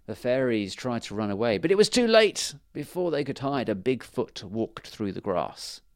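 Male storyteller for children's fairy tales, animated voice, dry close sound. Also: mid-range voice, moderate pace, dry recording. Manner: lively, expressive storytelling.

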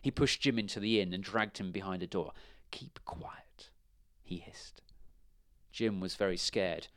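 A man reading a children's storybook aloud in a measured, expressive way. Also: low voice, no echo, studio quality.

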